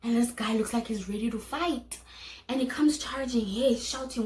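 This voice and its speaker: On her vlog, a young South African woman, accented accordingly, tells a story from her own life and mimics what others said. Her fairly high, darkish-toned voice moves at a moderate pace, and the recording echoes.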